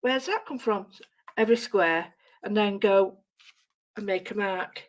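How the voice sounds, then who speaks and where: A middle-aged woman demonstrating a craft on a live stream, chatting and mocking herself as she works, her voice going hoarse. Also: mid-range voice, measured pace. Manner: chatty, self-mocking, talks to herself while working.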